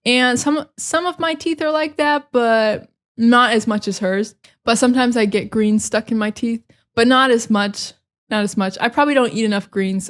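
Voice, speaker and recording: A young American woman hosting a casual solo podcast, sarcastic and expressive, slipping into dramatic mock rants. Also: mid-range voice. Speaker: podcast host.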